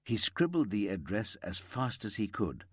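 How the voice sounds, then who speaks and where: A man narrating a crime thriller audiobook in an expressive storytelling manner. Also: on the low side, moderate pace, slightly rough, no room sound, studio quality. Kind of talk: scripted narration.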